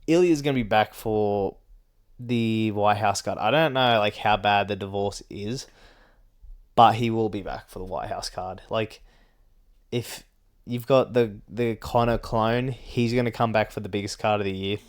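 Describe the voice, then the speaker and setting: A man with a low, smooth and clear voice talks in a loose, rambling chat. He swears freely and often breaks into short laughs between his points. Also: unhurried. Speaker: MMA commentary vlogger. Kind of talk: casual chat.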